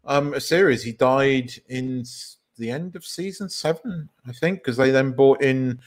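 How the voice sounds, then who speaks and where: A man's voice: mid-range voice, a little slow. A man co-hosting a podcast, chatting casually about films in a rambling, giggly way with many restarts. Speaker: podcast co-host. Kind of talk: casual film chat.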